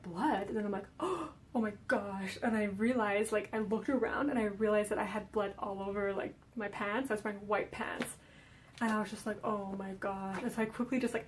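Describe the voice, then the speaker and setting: A young woman talks through a casual question-and-answer vlog, loose and chatty, leaning on "um" and "like". Her voice sits a little high, with a faint hiss of noise behind it. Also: a little mellow, low-quality recording. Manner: chatty, many fillers like "um" and "like". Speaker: vlogger.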